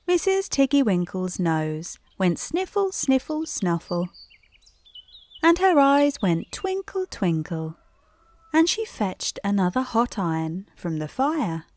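Unhurried woman reading a bedtime story. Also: mid-range voice, very animated, darkish tone, dry recording.

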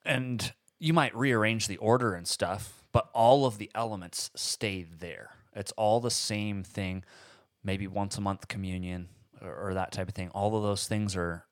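A man co-hosting a casual discussion who explains points in a measured way, with frequent pauses and ums. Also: lowish voice, no echo, studio quality.

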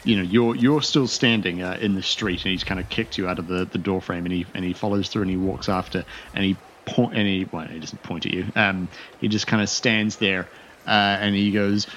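A man with a fairly low voice narrates as game master of a tabletop role-playing game. He rambles loosely, circling back with fillers and restarts, over faint background noise. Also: fairly even intonation, a little fast, a bit bright.

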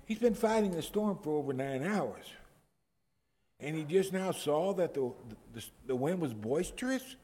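A man preaching a sermon in a fairly high voice that rings out in a big hall with long reverb. He retells the story in a storytelling way and climbs to emphatic outbursts. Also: animated, unhurried, mellow.

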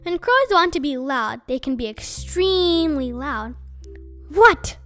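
Bright, lively woman reading aloud. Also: high voice, unhurried, faint music behind. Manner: expressive, animated read-aloud. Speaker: storyteller. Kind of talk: reading a children's book aloud.

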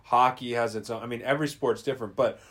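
Male podcast co-host, mid-pitched, relaxed and swears freely. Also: fast. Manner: laid-back, profane, chimes in with reactions. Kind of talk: casual chat.

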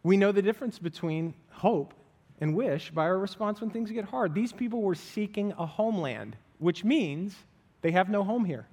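A man preaching a casual, conversational sermon as pastor, lively and animated, acting out the voices he quotes. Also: high-pitched, moderate pace, breathy edge. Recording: long reverb of a hall.

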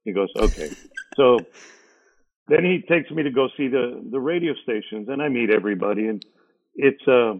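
A middle-aged radio DJ from San Antonio, Texas, appears as an interview guest, casually telling stories and acting out other people's lines as a lively storyteller. His voice is mid-range and creaky at a moderate pace, and the recording has a narrow, phone-like sound.

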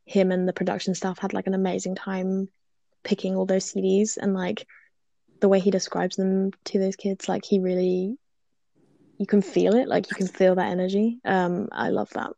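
A woman co-hosting a podcast in casual chat, gushing with lots of "like"s and a creaky voice. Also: medium pitch, little pitch movement, normal speed, dark tone, dry recording. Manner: gushing, full of "like"s. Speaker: podcast co-host.

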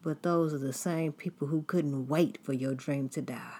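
A woman preacher delivering a sermon in a deliberate, emphatic, repetitive cadence. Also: low voice, steady tone, mellow, slightly rough.

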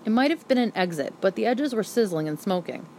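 A woman narrating a first-person novel aloud as an audiobook reader, with brisk and vivid storytelling. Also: mid-range voice, lively intonation, dark tone, a little hiss or hum.

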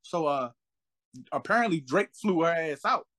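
Animated slang-heavy male storyteller. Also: moderate pace. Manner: animated storyteller, acts out quotes with big pitch jumps; heavy slang and profanity, repeats "you know what I'm saying". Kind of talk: casual chat.

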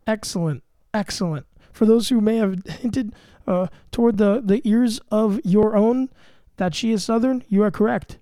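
A man's voice: sits high, moderate pace, few pauses, dark tone, dry recording, studio quality. A man hosting a casual comedy podcast, bragging in a mock-grandiose, self-mocking way. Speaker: podcast host.

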